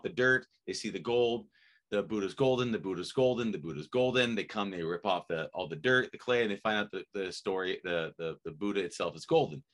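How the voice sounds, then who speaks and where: With a lowish voice, a man hosts a casual interview, explaining ideas in a rambling, animated style. He keeps checking in with listeners by asking "right?".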